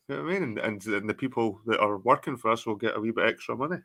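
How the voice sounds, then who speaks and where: A Scottish man in his thirties, co-hosting a casual podcast chat, telling lively stories and mimicking people. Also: fast, hardly any pauses. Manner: animated, swearing, mimics people with high voices. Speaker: podcast co-host.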